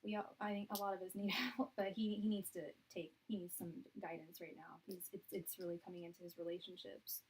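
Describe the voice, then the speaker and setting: A woman hosting a tarot live stream from a room at her parents' house, chatting in a soft, soothing voice with many fillers and restarts. Her audio comes through quiet and low. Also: little pitch movement, brisk, few pauses, slight background noise, poor audio. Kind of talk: casual live-stream chat. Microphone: quiet, low-level live-stream audio.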